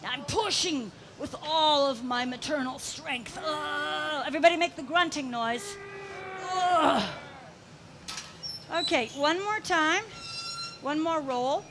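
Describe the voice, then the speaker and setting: A woman's voice: high voice, measured pace, a crowd in the background. A middle-aged woman from Canada giving a chatty, playful live glassblowing demonstration, narrating each step with sing-song counting. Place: glassblowing studio. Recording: noisy hot shop.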